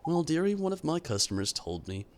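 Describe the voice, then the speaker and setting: A man's voice: fairly high pitch, very animated, brisk, background noise, voice pushed up. A man voicing a doting elderly woman who fusses over her cat. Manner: doting, cooing. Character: fussing elderly lady cat owner.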